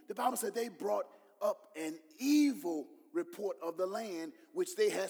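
A man's voice: high voice, unhurried, gravelly, few pauses, a little mellow, breathy edge, long reverb tail. A man preaching a sermon, building in intensity and voicing other people as he goes. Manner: preaching with rising intensity, acting out voices of others. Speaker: pastor.

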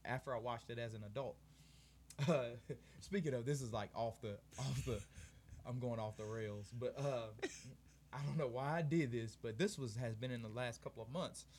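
A man's voice: mid-range voice, normal speed, a little mellow, slight background noise. A man co-hosting a casual podcast chat, rambling with many fillers and frequent laughter. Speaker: podcast co-host.

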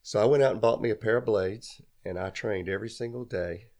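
Gravelly low-voiced man telling a story. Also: brisk, a little mellow. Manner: rambling, self-deprecating, laughs often. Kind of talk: casual storytelling chat.

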